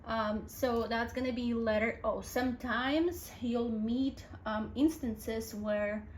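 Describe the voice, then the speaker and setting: A woman's voice: a little high, fairly even intonation, takes it slowly, a little hiss or hum. A woman teaching a language lesson, patiently spelling out sounds letter by letter. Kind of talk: alphabet lesson.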